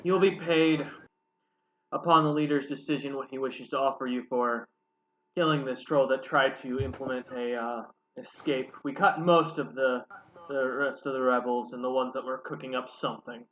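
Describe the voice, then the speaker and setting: A man's voice: medium pitch, steady tone, normal speed, fairly bright tone, dull audio, natural voice. A man voicing a stern half-illithid guard. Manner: telepathic, formal, commanding.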